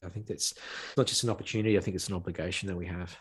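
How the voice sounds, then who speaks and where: A man speaking as a podcast guest, with a lowish voice that has a husky edge. He talks earnestly, driving points home by repeating phrases, in a conversational interview. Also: fairly even intonation, very fast.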